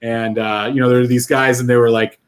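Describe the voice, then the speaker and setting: Brief: easygoing male guest, mid-pitched voice, casual chat. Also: level tone, brisk. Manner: easygoing, laughs often, many fillers. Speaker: guest whisky reviewer.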